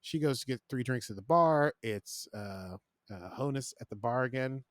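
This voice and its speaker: A man's voice: medium pitch, expressive, normal speed, dry recording, studio quality. Chatty man recapping an episode. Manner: chatty, jokey, self-deprecating. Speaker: podcast host. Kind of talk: casual podcast recap.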